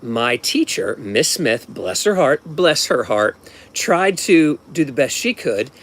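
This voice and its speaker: A man's voice: mid-range voice, sing-song, slow pace, a bit bright. A man in his fifties from Ohio telling a personal story at home in a casual, rambling way, often restarting and adding asides. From Ohio, USA. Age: 50s.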